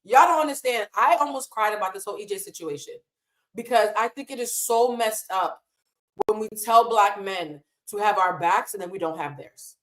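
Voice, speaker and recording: A woman hosts a live stream from a hotel room, speaking at a middle pitch. She talks with raw feeling and swears freely. Her tone is casual and unscripted. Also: normal speed, a bit bright. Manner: impassioned, emotional, swears freely. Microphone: desk mic in a hotel room.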